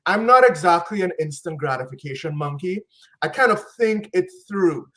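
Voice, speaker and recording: A man's voice: high-pitched, animated, moderate pace, a bit bright. A man as a podcast guest, talking in an upbeat, casual way full of catchphrases and slang. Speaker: guest, business consultant. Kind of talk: casual interview chat.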